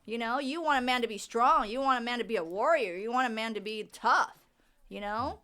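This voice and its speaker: A woman's voice: on the high side, fairly quick, pushed and bright, a little hiss or hum. A woman co-hosting a podcast with her husband, giving blunt, opinionated views in a conversational way. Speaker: podcast co-host. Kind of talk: casual podcast chat.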